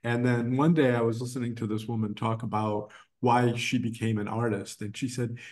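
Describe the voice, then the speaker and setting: A middle-aged man talks casually as an interview guest, his voice sitting at an ordinary medium pitch. He rambles, circling back with fillers and restarts as he thinks aloud. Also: little pitch movement, normal speed, hardly any pauses, a little mellow. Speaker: guest, designer and art professor. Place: his art gallery.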